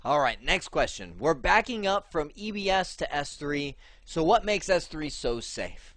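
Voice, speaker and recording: A man's voice: on the high side, sing-song, a little slow, a bit bright, no room sound. A man teaching a cloud computing lesson in a casual, chatty way, with many fillers and restarts. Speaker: instructor. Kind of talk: screen-share tech lesson.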